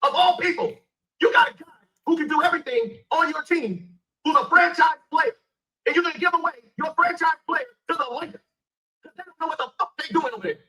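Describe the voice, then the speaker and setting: In an angry, profane basketball rant, this man, a sports commentator, stays heated and emphatic. His pitch is extremely high and his delivery a little fast, pushed and bright, captured on low-quality audio.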